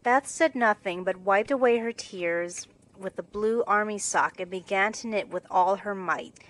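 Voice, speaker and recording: A woman narrating a classic novel in a steady, clear scripted reading. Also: medium pitch, poor audio. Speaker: audiobook narrator.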